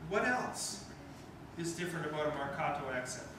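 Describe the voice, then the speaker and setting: A man's voice: a little high, lively intonation, normal speed. A man, questioning and encouraging as he teaches a wind band in rehearsal. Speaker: band clinician. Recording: echoey rehearsal room from far off.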